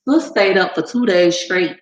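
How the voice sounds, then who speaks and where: A woman vlogger telling stories in a casual, animated, slangy way, laughing often. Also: fairly low pitch, a little slow, muffled recording. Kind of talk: casual chat. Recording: echoey room.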